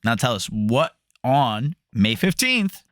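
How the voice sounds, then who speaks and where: A man's voice: mid-range voice, big pitch swings, slow, fairly bright tone, no room sound. A man talking through market numbers in a loose, swearing podcast chat. He laughs often and drifts off-topic now and then. The recording is close and dry, with no room sound. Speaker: co-host of a real estate market update.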